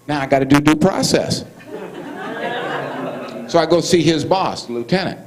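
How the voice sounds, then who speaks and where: Male storyteller, lively pitch, acts out dialogue, laughs through it. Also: moderate pace, long pauses, low-quality recording. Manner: animated, acts out both sides of the dialogue, laughs often. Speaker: speaker telling stories. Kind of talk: anecdotal storytelling to an audience.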